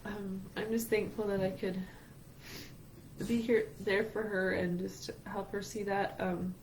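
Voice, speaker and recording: A woman's voice: medium pitch, flat delivery, a little slow, darkish tone, a little hiss or hum, rough recording. Earnest woman sharing a heartfelt story. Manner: earnest and emotional, with a faith-based outlook. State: tearful at times. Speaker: podcast co-host. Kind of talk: heartfelt conversation on grief.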